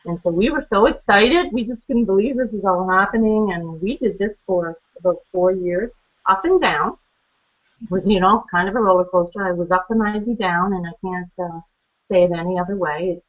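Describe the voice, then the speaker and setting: A woman's voice: medium pitch, normal speed. A woman telling her own story on a training call, chatty, laughing often and acting out the conversations she recalls. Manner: chatty, laughs often, acts out quoted exchanges. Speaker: guest speaker on a training call. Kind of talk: personal testimony. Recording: phone-line audio.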